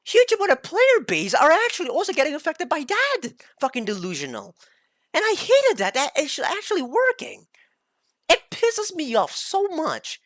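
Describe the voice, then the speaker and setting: A woman's voice: high voice, wildly swooping pitch, normal speed, dry recording, clean studio sound. A woman streamer ranting in a heated, emphatic casual monologue, swearing often.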